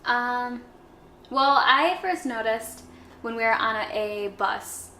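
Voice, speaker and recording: A woman's voice: on the high side, slow, bright, forceful tone, slight background noise. Casual woman co-host, roomy echo. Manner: conversational storyteller, casual fillers. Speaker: podcast co-host. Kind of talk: casual travel chat. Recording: echoey room, faint ambience.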